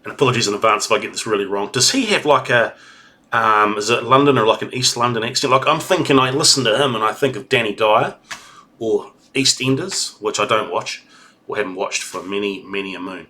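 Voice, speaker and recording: New Zealand man reacting to clips, low and bright, rambling and casual. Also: brisk. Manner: chatty, rambling, reminiscing with fillers. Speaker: reaction video host.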